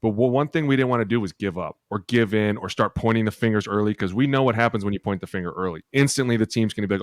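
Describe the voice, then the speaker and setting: A lower-pitched American man talking loosely on a podcast, blunt and profane, spinning animated stories from his time in the league. The recording is dry and close, with no room sound around his voice. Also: very fast, hardly any pauses, no room sound. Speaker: podcast co-host, former NFL offensive lineman. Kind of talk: casual chat.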